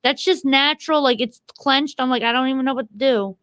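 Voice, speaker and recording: A high-voiced woman co-hosting a comedy podcast, talking in loose, rambling chat. She swears freely and tells crude stories. Her voice sounds close and dry, with no room around it. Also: brisk, a bit bright, dry recording. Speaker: podcast co-host.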